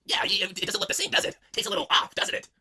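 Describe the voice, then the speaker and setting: A man's voice: high-pitched, animated, quick pace, sharp tone, husky, in a whisper, exaggerated voice. A man voicing a cruel, scheming rich wife who taunts in a sultry, mocking way. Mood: sly. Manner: taunting, mocking purrs and shrieks.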